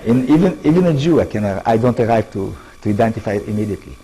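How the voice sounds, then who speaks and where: A man with an Israeli accent giving a lecture to an audience in halting English, often restarting words and checking in with his listeners. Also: lowish voice, animated, warm tone, low-quality recording. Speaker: author giving a public talk.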